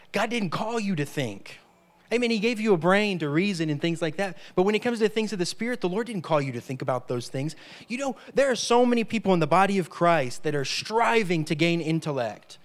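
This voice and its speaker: A man preaching a sermon, emphatic, repeating key phrases and dropping in frequent amens. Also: high-pitched.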